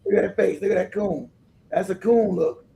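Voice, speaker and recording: This is a man running his own livestream commentary, talking with a high voice that keeps catching in a gravelly rasp. He pushes each point with emphasis and laughs often between lines. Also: moderate pace, mellow, slight background noise. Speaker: livestream host.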